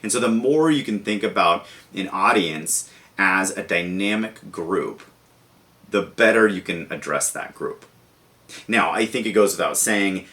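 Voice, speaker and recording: Young guy teacher, lowish voice, chatty lecture with classroom examples. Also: measured pace, bright, forceful tone. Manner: conversational, explains with classroom examples. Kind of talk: lecture video for students.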